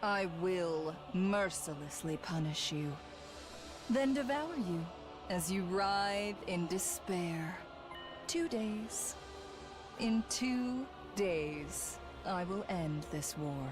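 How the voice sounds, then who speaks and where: A haughty villainess savors every word with cruel pomp. She talks very slowly, with game music playing clearly underneath. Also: on the low side, lively intonation. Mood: gloating. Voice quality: pompous, grandiose. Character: arrogant cruel villainess taunting enemies, adult woman. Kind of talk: game voice acting.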